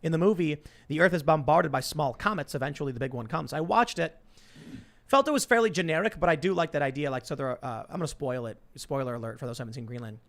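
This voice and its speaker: A man hosting a live talk show, reading viewer messages aloud in quick, casual chat. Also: on the high side, vocal fry, a bit bright. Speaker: show host.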